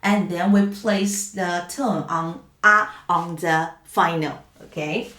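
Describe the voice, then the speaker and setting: Woman teacher stretching out pinyin sounds really slow, sings the tones, roomy echo. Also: lowish voice, fairly even intonation, bright, forceful tone. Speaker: Chinese teacher. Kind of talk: slow pinyin drill lesson.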